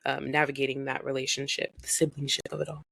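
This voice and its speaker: A podcast host in casual conversation who mostly listens, offering quick backchannels and short asides. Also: mid-range voice, gravelly, slightly rough. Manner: relaxed listener, brief backchannels and quick laughs. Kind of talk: casual chat.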